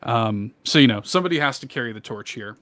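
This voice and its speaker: A man's voice: medium pitch, animated, fast, a bit bright, no room sound. A man co-hosting a podcast, talking casually and enthusiastically with many fillers. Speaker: podcast co-host. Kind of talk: casual chat.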